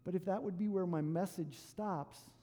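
A male preacher telling a story in a sermon, animated and acting out the quoted lines. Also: sits high, normal speed, big-room sound. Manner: animated retelling with acted quotes.

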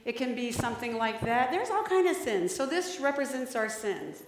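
This is a woman leading a children's sermon in a church, her voice a touch high and carrying. She talks in a lively, coaxing way, asking the kids questions. The sound rings around a big, echoey hall with a long tail of reverb. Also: moderate pace. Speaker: children's message leader. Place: church sanctuary.

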